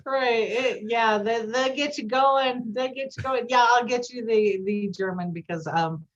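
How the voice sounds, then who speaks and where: A woman's voice: a little high, measured pace, dull audio. Sarcastic woman podcast co-host. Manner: animated, sarcastic, reads out listener comments. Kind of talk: casual political commentary chat.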